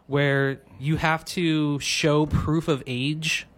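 A man's voice: fairly high pitch, level tone, very slow, a bit bright. A man co-hosting a casual comedy podcast, chatty and loose, often laughing while he explains things. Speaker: podcast co-host.

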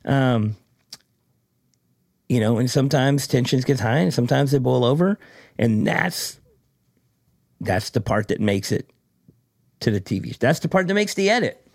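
A man who judges a tattoo competition, telling a story in casual chat, blunt and profane, with animated, mocking asides. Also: medium pitch, unhurried, creaky, long pauses, no room sound, clean studio sound.

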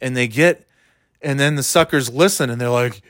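A man's voice: mid-range voice, moderate pace, a bit bright, no echo, studio quality. A man ranting casually as a podcast host, rambling and sarcastic, swearing a lot. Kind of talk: casual profane rant.

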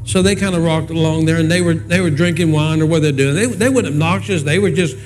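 Folksy high-voiced pastor man. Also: quick pace, darkish tone, faint music behind. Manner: folksy, conversational storytelling. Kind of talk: sermon with storytelling and prayer.

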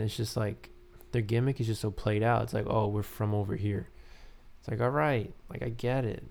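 A man with a gravelly, fry-edged voice sits at middle pitch. He rambles through casual commentary, full of filler words and loose asides, like a podcast host talking off the cuff. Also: a little mellow.

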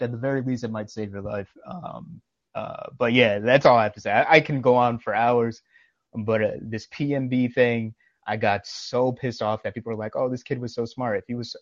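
A man's voice: medium pitch, fairly quick, no room sound, lo-fi sound. Emphatic man telling street stories. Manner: emphatic, preachy, tells anecdotes with quoted dialogue. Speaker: podcast co-host. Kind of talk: casual podcast storytelling.

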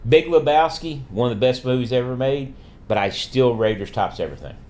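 A man's voice: mid-range voice, a little fast. A middle-aged man chatting on a podcast, telling stories and giving emphatic opinions. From Kentucky. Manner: relaxed storytelling, emphatic opinions. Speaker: guest father. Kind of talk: casual podcast chat.

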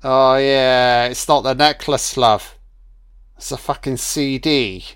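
A man's voice: mid-range voice, steady tone, slow pace, fairly bright tone, smooth, no room sound. A man giving casual, irreverent film commentary, sarcastic and swearing constantly. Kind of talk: casual profane movie commentary.

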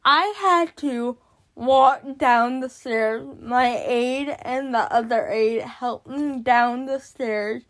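A woman's voice: fairly high pitch, slow pace. A woman hosting a podcast, telling a personal story in casual talk, exasperated and swearing now and then. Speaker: podcast host.

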